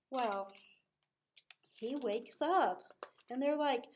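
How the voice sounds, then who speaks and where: A young woman tells a story to children, drawing it out slowly. Her voice sits a little high and jumps up for the voices she acts out. She drops to a soft hush for the quiet parts. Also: a little hiss or hum. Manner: animated, acts out voices with big swells. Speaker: children's ministry teacher.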